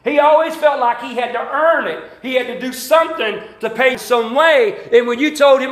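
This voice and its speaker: A man's voice: very high-pitched, expressive, normal speed, few pauses, reverberant. A middle-aged man with an Alabama Southern accent, preaching a sermon to his congregation with call-and-response, emphatic rising lines and folksy asides. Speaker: pastor. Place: church sanctuary.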